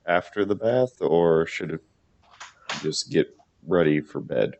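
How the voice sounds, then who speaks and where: A man's voice: low voice, darkish tone, muffled recording. A man playing a tabletop game, speaking hesitantly. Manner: slow, hesitant. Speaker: player. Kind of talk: casual tabletop play.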